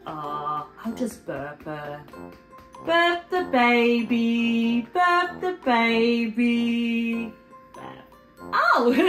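A high, very lively woman teaching toddlers their first words, with her pitch swooping up and down in a sing-song way. She talks very slowly and repeats words clearly so little ones can copy them. The room is echoey, with faint music underneath. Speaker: preschool video presenter.

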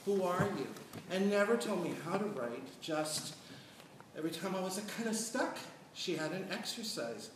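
A middle-aged man on a panel, telling stories in an animated, chatty way and checking in with "right?". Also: high-pitched, moderate pace. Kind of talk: storytelling on a panel. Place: large echoey hall at a panel event. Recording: echoey hall from far off, noisy.

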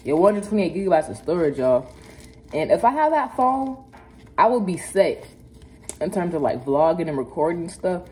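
Chatty low-voiced Philly woman vlogging. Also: very animated, normal speed, a little mellow. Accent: Philadelphia. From Philadelphia. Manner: chatty and loose, slangy, talks straight to her viewers. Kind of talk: casual vlog chat. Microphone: phone camera at arm's length. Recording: music playing clearly under the voice.

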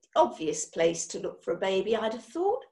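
A woman doing a brisk, prim young witch. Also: medium pitch, big pitch swings, warm tone. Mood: matter-of-fact.

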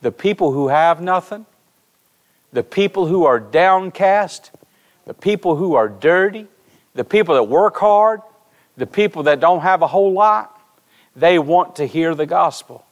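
A man's voice: on the high side, unhurried. A man preaching a sermon in a church, telling stories and speaking directly to his congregation. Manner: storytelling preacher, animated, addresses congregation directly. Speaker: pastor. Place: church sanctuary.

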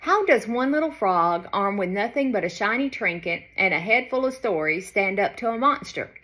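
A woman's voice: medium pitch, lively intonation, moderate pace, bright, forceful tone. A woman voicing a small, earnest young male frog hero in a storybook reading, anxious and eager.

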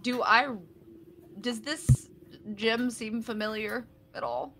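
A woman's voice: a little high, fairly even intonation, slow, a crowd in the background. A woman playing a tabletop game, asking questions and working things out aloud. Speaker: player. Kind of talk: casual game chat.

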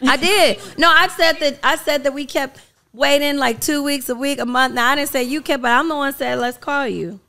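Woman guest, high pitch, bright tone, playful, teasing. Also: moderate pace. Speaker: singer, guest. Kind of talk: casual chat.

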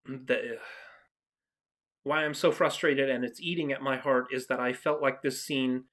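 Exasperated vlogger, ranting reaction style, swears, bursts out loud mid-sentence, mid-pitched voice. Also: fairly even intonation, a little slow. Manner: reads quotes aloud and interrupts them. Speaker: video commentator.

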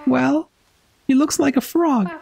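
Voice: high voice, takes it slowly, gravelly, mellow, voice pushed up, full character voice. A gamer voicing a small frightened girl who asks hesitant, stammering questions. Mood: timid.

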